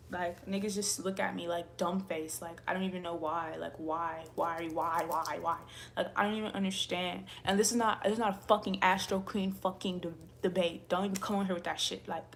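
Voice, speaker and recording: A woman's voice: mid-range voice, a little hiss or hum. A woman YouTuber who reads tarot, ranting angrily to camera in a profane, repetitive way.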